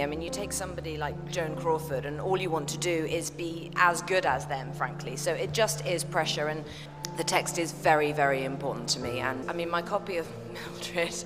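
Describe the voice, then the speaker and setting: A woman, an actress, speaking thoughtfully and eagerly in an interview about her craft. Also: lowish voice. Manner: thoughtful, growing more enthusiastic. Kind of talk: casual interview. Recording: long reverb with music behind.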